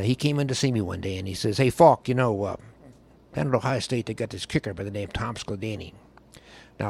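An older man with a gravelly, husky voice tells a football story. He is folksy and dramatic and slips into voices for the people in his tale. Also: on the low side, a little mellow. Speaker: longtime football staff storyteller. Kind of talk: animated anecdote telling.

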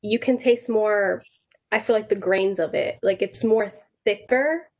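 A woman chatting on a podcast who explains food differences in an easygoing, matter-of-fact way. Her pitch sits in the middle of the female range. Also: measured pace. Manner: relaxed, explanatory, "I feel like". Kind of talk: casual chat.

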